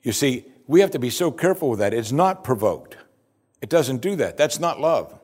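A man preaching a sermon as pastor, earnest and emphatic, often dropping his voice to a hushed close. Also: medium pitch, very animated, moderate pace, breathy edge.

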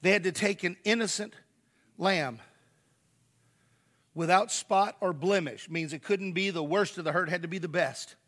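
A man's voice: high-pitched, moderate pace, pauses often, a bit bright. A man preaching a sermon, emphatic, repeating key words and speaking straight to the congregation. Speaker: pastor.

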